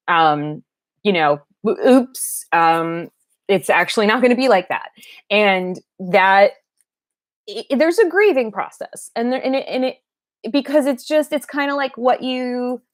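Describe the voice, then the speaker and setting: A middle-aged woman talking casually on a livestream, rambling and halting, with many fillers and restarts. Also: mid-range voice. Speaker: doll vlogger and parent. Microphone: livestream webcam mic.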